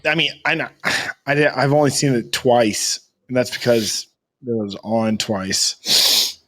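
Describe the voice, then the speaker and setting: A man's voice: medium pitch, slow pace, pushed and bright. A young man co-hosting a casual podcast in a loose, teasing way, throwing in "dude" and "y'all". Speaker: podcast co-host. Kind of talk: casual chat.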